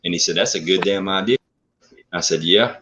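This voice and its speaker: A man telling a story in a blunt, profane, animated way in casual talk. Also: low-pitched, a little fast. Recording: muffled lo-fi audio.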